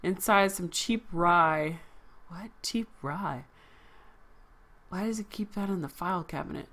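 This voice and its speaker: Slow-talking bright-voiced woman streamer. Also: fairly low pitch. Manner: casual, giggly, wisecracking. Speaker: game streamer. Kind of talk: reading game text aloud and reacting.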